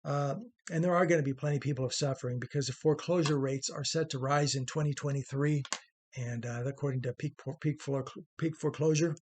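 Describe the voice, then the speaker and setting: A man's voice: fairly high pitch, steady tone, brisk, a little mellow, slight background noise. A middle-aged man hosting an opinion commentary monologue, rambling and conversational with many fillers and restarts, earnest in tone. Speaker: host.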